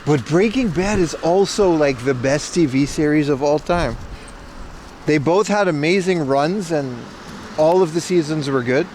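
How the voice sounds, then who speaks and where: A man's voice: fairly high pitch, a little slow, darkish tone, a little hiss or hum. A man livestreaming as he walks outdoors, chatting casually, rambling and opinionated as he answers his chat. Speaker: IRL livestreamer. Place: outdoors on city streets.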